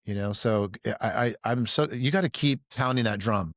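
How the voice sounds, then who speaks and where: A man with a mid-range voice tells stories to a small group in a loose, animated way. He swears freely and jumps into a raised voice when he acts out what others said. The sound is close and dry, with no room echo. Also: medium pitch, normal speed. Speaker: podcast guest. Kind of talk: casual group conversation.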